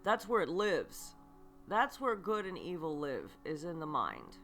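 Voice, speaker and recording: A woman delivers a spiritual self-help podcast monologue at an unhurried pace, with a bright voice that swoops up and down. She keeps asking the listener questions and checks in with an "okay", while faint music plays underneath. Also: sits low, huge pitch swings. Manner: slow and earnest, often checking in with "okay"; asks the listener repeated rhetorical questions. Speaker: podcast host and psychic reader.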